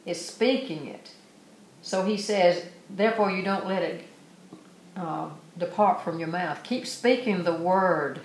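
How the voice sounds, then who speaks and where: Woman preacher, sermon delivery, lower register, reads verses aloud then explains them earnestly; echoey room recording. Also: a little hiss or hum. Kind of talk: sermon with scripture reading.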